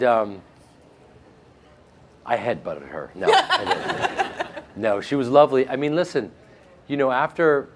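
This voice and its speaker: Joking man with a flat Midwestern accent. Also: mid-range voice, slight background noise. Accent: flat Midwestern American. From Chicago, American Midwest. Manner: joking, self-mocking storyteller. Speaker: actor being interviewed. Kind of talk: casual interview answers.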